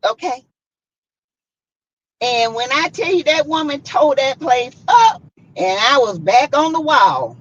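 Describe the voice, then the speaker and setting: A woman's voice: high voice, slow, long pauses, muffled recording. A woman with a Southern US accent, hosting a casual chat and telling a story dramatically. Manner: animated, dramatic, acts out quotes. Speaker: vlogger host.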